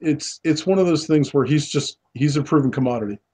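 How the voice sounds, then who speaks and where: Rambling Canadian man, slightly high voice. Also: fairly quick, mellow, breathy edge. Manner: rambling, acts out quoted dialogue. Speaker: podcast co-host. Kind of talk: casual chat.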